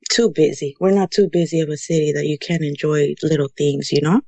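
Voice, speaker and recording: Woman, 30s, Houston-raised podcast guest; slightly low voice, storytelling chattily, dry close mic. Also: brisk, warm tone, no echo. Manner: chatty, mixes in Spanish words, frequent "you know". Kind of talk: casual storytelling interview.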